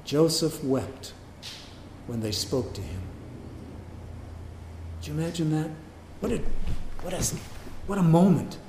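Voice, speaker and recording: A man's voice: on the high side, very animated, a little slow, pauses often, dark tone, echoey room, slight background noise. A man preaching a sermon, reading scripture and acting out the characters with humor and drama. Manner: dramatic, acts out biblical voices with humor.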